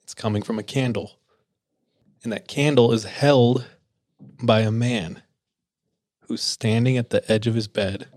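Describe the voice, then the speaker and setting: A man hosting a podcast, telling ghost stories in a relaxed way with lots of filler words. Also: on the low side, no room sound, studio quality. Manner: relaxed, filler-heavy, laughs easily. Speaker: podcast host. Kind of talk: casual spooky storytelling.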